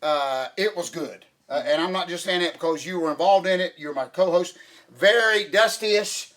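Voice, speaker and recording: A middle-aged man hosting casual chat, excitable and rambling with many restarts. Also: sits high, normal speed. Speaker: podcast host.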